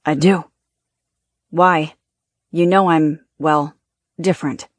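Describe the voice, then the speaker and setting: A narrator voicing a teasing, devoted lover. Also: male voice, fairly high pitch, steady tone, takes it slowly, no echo, clean studio sound. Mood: teasing, tender. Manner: warm teasing, affectionate.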